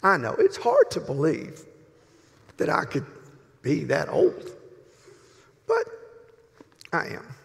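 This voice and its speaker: A man in his sixties, a pastor, giving a sermon as humorous, folksy storytelling with long pauses. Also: on the high side, huge pitch swings, creaky. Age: 60s. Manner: folksy, joking, drawn-out pauses. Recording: reverberant hall.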